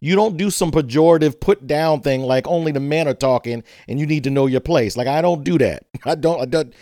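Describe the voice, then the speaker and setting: A man hosting a casual chat about leadership and conflict. He is an animated storyteller who acts out quotes and laughs along the way. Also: a little high, fairly quick, dry recording, clean studio sound.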